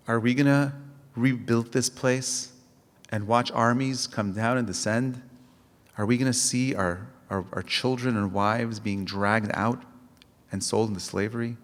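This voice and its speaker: A rabbi delivers a Tisha B'Av lecture, his voice sitting at an ordinary male pitch. He presses the audience with rhetorical questions and tells stories with frequent restarts. A long hall reverb trails every phrase. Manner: impassioned, full of rhetorical questions.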